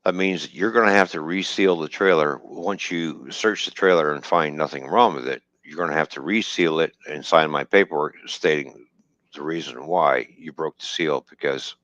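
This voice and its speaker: A man with a very low voice tells a casual story from his truck-driving days, acting out both sides of the talk and cursing freely. The sound is dry and close but a bit dull and lo-fi. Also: normal speed, a bit bright, dry recording. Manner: swears freely, quotes dialogue, laughs while telling. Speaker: truck driver telling a story.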